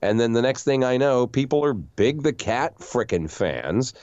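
A man's voice: medium pitch, unhurried, no room sound. A man, a voice actor guest, telling stories in a casual interview with blunt, profane talk and a slightly dull lo-fi sound. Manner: blunt, profane, lively storyteller. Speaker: video game voice actor guest.

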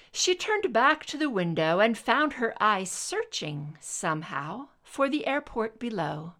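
A woman narrating a story aloud in an expressive, unhurried way. Her voice sits fairly high and sounds bright. She moves her pitch up and down freely as she reads. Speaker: reader.

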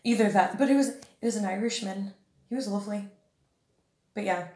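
A woman's voice: mid-range voice, brisk, mellow. A woman in her twenties co-hosting a podcast, with a wry, joking, teasing manner. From United States. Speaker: podcast co-host. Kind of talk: casual chat. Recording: roomy echo.

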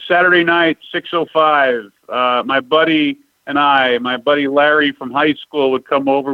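A man in his fifties hosts a casual podcast chat, reflecting nostalgically on the past. His voice sits a bit higher than most men's. The sound is dry and close, with a dull lo-fi quality. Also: no echo. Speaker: podcast host.

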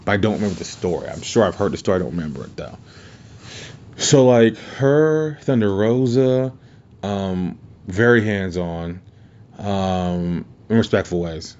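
Here a man's low, slightly mellow voice moves at a measured pace as he hosts a podcast. His storytelling is loose and profane, full of restarts, and the audio is muffled lo-fi.

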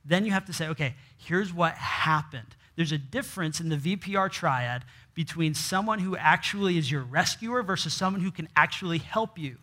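A man's voice: a little high, animated, normal speed, few pauses, pushed and bright. A man preaching a sermon, reading scripture aloud and asking the congregation rhetorical questions that he answers himself, with frequent restarts. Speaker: pastor.

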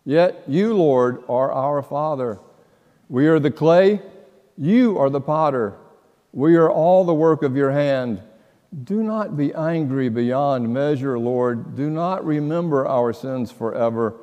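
A man preaching a sermon, telling stories slowly and dramatically, dropping to a hush and then breaking into loud outbursts. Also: a little high, in a large hall, highs cut off. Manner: slow, dramatic storytelling with sudden loud outbursts and hushed passages. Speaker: pastor.

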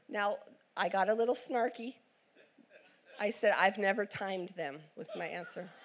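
Middle-aged woman preacher, lively storytelling sermon, acts out each voice. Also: medium pitch, unhurried, slight background noise. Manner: animated storyteller acting out voices.

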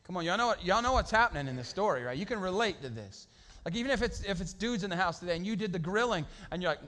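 A middle-aged man preaching a sermon as a pastor, conversational and lively, slipping into playful voices for the people in his stories. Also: sits high, fast talker.

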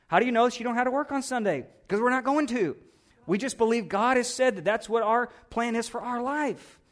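A male pastor preaching a sermon in a conversational, animated storytelling way. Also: very high voice, a little fast.

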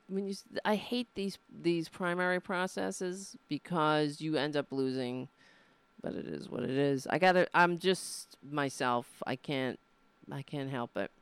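Slow, smooth-voiced livestream host, earnest and heartfelt. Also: medium pitch, a bit bright, no echo. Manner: earnest, emotional, rambling with restarts. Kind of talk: casual livestream chat.

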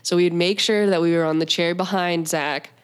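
A young woman from Montana telling stories in casual chat, laughing often and acting out quotes in a high voice. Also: steady tone, normal speed, clean tone.

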